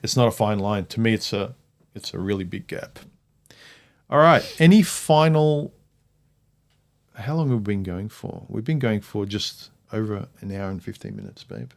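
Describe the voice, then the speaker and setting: A man's voice: lowish voice, animated, normal speed. A man hosting a casual livestream chat from home, blunt and opinionated, hammering his points home. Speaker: livestream host.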